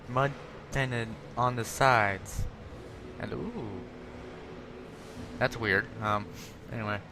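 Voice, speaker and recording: Over loud game audio and some background noise, a man with a mid-range voice hosts a gaming video. His tank showcase comes as rambling, chatty gameplay commentary full of self-corrections.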